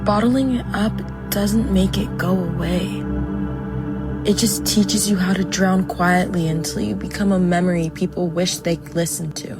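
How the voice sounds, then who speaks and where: A young woman in mourning voiced by an actress speaks slowly in an animated short film. Her voice is gravelly and sorrowful. A score plays clearly beneath her. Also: on the low side. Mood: mournful. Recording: under a music score.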